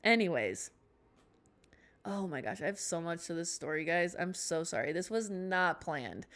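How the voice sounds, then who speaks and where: A woman's voice: fairly low pitch, animated, moderate pace, fairly bright tone. A young woman hosting a podcast, telling a rambling storytime with tangents and self-mocking asides. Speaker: podcast host. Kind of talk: casual storytime chat.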